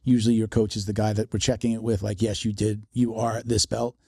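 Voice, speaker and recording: A man's voice: lowish voice, flat delivery, a little fast, gravelly, mellow, slightly rough, no room sound, clean studio sound. A man in casual podcast chat, giving long rambling explanations and acting out quotes.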